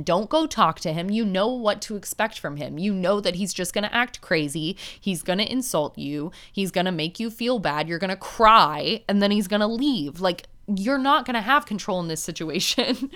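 A woman's voice: medium pitch, expressive, moderate pace, a bit bright. A woman hosting a casual recap commentary, talking candidly and chattily with lots of "like" and little laughs at her own points. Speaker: podcast host recapping a reality show. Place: indoors, street sirens nearby.

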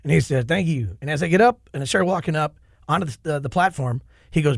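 A middle-aged man hosting a podcast, an animated storyteller who acts out quotes in casual chat. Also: on the high side, quick pace, creaky, no room sound, clean studio sound. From Minnesota. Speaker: podcast host.

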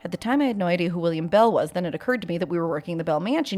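Woman reading a story with lively pitch. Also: racing. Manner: casual and profane, with deadpan asides. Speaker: podcast host. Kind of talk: reading a listener's story aloud.

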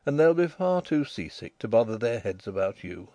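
Gruff bossy young guy in a storybook, a male reader doing him, lively delivery, dry close sound. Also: mid-range voice, normal speed, dry recording, lightly acted. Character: impulsive young man, gruff and masterful.

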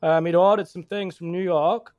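A man's voice: high-pitched, steady tone, moderate pace, darkish tone, no room sound, lo-fi sound, close to an everyday voice. A man playing a chatty rural local who rambles and stammers as he gives directions. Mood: gossipy. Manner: rambling, stammering, full of restarts.

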